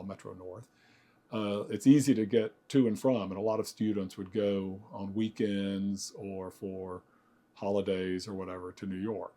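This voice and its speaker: Older male architect in his sixties, low mellow voice, reflective oral-history storyteller who rambles and corrects himself. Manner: rambling, reflective, many fillers and self-corrections.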